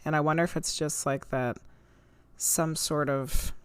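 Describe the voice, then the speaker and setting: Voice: medium pitch, fairly even intonation, unhurried, clean tone, no echo. A podcast host chatting casually, attentive and affirming, running audio clips.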